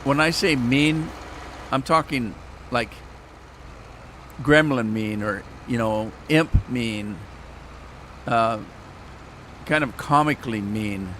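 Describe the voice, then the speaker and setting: Guy streaming a farm game, slow easy talk, chuckles thru his stories, bit of faint noise. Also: medium pitch, fairly bright tone. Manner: rambling, chuckling storyteller. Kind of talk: casual gameplay commentary.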